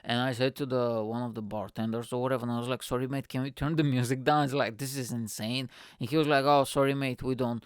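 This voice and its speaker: A man's voice: medium pitch, fast talker, smooth, no room sound, studio quality. A tired man hosting his podcast, telling a story in a casual, swearing, matey way. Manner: profane, animated, says "mate" a lot. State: tired, yawning. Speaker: podcast host.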